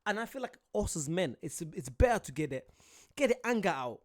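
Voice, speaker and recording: A British man hosting a casual reaction video, excitable, laughing often and talking straight to his viewers. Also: sits high, a little fast.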